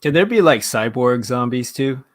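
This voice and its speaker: A man's voice: mid-range voice, animated. Eager man over a noisy line. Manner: enthusiastic, halting restarts. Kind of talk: casual group chat.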